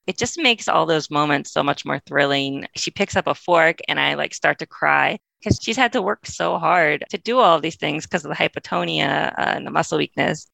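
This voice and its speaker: A woman's voice: low voice, gravelly, no echo. A woman guest in a podcast interview telling a long personal story in a chatty way, laughing often and acting out what others said. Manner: fast, chatty, laughs often, quotes people in lively voices.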